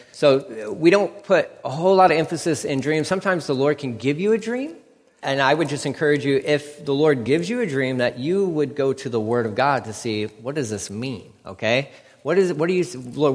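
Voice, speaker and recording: A man's voice: mid-range voice, a little fast, in a large hall. A man preaching a casual, conversational sermon and acting out what people say in shifting voices. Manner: conversational, acts out quotes in varied voices. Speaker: pastor.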